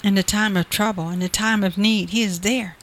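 A woman with a bright, forceful voice delivers a sermon. She preaches earnestly, repeating her points and building emphasis as she goes. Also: medium pitch, steady tone, fairly quick. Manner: earnest, repetitive preaching with rising emphatic quotes.

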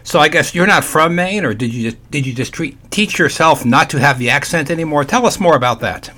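A man's voice: fairly high pitch, lively intonation, a little fast, sharp tone. Chatty older man hosting radio. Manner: folksy, chatty, playful asides. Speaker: radio show host. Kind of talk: casual radio talk show.

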